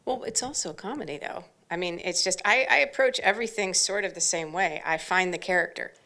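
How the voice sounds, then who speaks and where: Chatty, gravelly woman with a low voice. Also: fairly quick, pushed and bright. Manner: chatty, with lots of fillers like "like". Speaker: actress and panel guest. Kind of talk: casual anecdotal storytelling.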